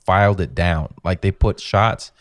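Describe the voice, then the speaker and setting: Low-voiced comedian, loose and profane. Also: male voice, a little slow, no room sound, clean studio sound. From Mexican-American. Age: 40s. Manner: loose, profane storytelling that jumps into mocking quoted voices. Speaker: comedian guest. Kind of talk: casual podcast chat.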